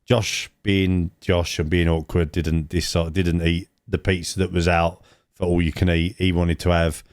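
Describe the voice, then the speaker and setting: Male podcast co-host, low voice, dry close mic, stumbling rambling delivery. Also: little pitch movement, measured pace, no room sound. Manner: rambling, many restarts and stumbles. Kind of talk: casual chat. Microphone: own mic, remote.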